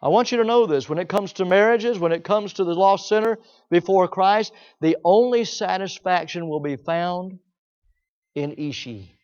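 A man preaching a sermon, emphatic, repeating key phrases and swinging between loud declarations and hushed asides. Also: on the high side. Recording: dull lo-fi recording.

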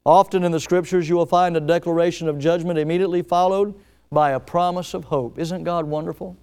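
A man preaching a sermon at an evening church service. He tells a story dramatically, swelling loud and then dropping soft, and slows down to stress key words. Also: a little high, steady tone, clean tone. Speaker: pastor.

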